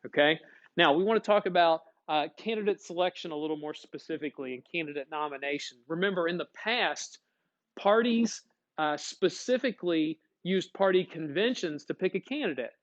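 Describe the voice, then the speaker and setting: A man teaching a classroom lecture, lively, acting out short dialogues as he explains. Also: fairly high pitch, fairly quick, muffled recording. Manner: animated, acts out little dialogues.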